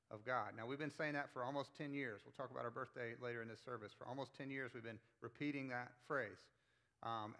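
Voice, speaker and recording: A man's voice: medium pitch, pushed and bright. A man who is a pastor, giving a casual, playful sermon to his congregation and leading them in call-and-response. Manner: conversational, playful, leads crowd call-and-response. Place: church auditorium with congregation.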